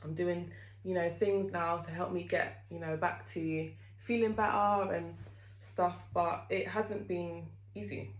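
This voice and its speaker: A woman's voice: fairly low pitch, fairly even intonation, unhurried. A young woman talking candidly to camera as a vlogger, chatty and open, with lots of fillers. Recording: echoey room.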